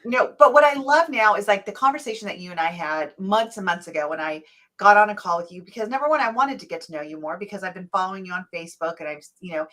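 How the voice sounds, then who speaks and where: Chatty woman podcast host. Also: on the low side. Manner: chatty and animated, acts out quotes. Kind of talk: casual interview chat.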